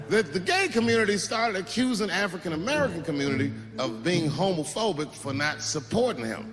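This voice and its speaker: A male comedian doing stand-up, telling a story in a punchy, animated way. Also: sits high, brisk, hardly any pauses, long reverb tail, over music.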